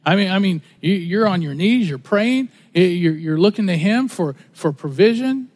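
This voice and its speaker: A man's voice: high voice, expressive, normal speed, darkish tone, in a large hall. A man preaching a sermon as a pastor, in a casual, conversational way, often repeating words and using slang.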